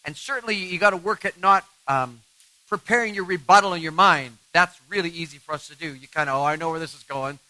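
A man giving a sermon-style talk on marriage, animated and self-mocking, laughing often. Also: a little high, fast, dry recording, poor audio. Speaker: marriage speaker.

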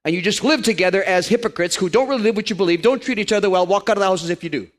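A man in his fifties preaching a lively, joking sermon to a congregation in a church. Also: sits high, rapid-fire. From Canada. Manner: animated, joking, playful put-on voices.

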